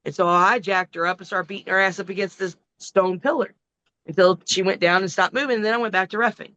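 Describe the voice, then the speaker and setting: A middle-aged woman, a wrestler, telling a long story in a casual, profane, animated way. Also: medium pitch, fast, dry recording, dull audio. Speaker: wrestling guest.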